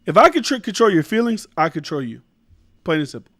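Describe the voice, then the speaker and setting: Emphatic, high-voiced male commentator, profane. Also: sing-song, fairly quick, fairly bright tone, no echo, clean studio sound. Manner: emphatic, rambling, profane, restarts mid-sentence. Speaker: commentary show host. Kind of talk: casual opinion commentary.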